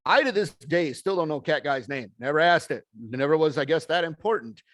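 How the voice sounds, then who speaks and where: A man's voice: on the high side, lively intonation, brisk, fairly bright tone, no room sound. A middle-aged man giving a motivational talk to an audience, telling a story in a folksy, plainspoken way and acting out the dialogue. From American Midwest. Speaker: speaker.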